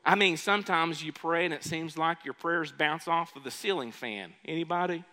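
A male pastor preaching a sermon, often asking the congregation questions and shifting his loudness. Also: on the high side, expressive, moderate pace, few pauses. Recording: long reverb of a large hall.

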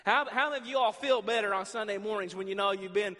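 High-voiced preacher in a reverberant church. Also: male voice, fast, pushed and bright. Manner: preaching with shifting volume, acting out dialogue with God. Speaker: pastor. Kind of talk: sermon. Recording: long reverb in a large hall.

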